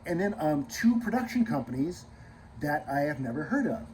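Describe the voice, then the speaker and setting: A man's voice: fairly high pitch, very animated, normal speed, slight background noise, poor audio. A man hosting his own channel in a casual, rambling monologue, full of fillers and restarts, sometimes dropping into muttered asides. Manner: drifts between loud and muttered asides. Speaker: channel host.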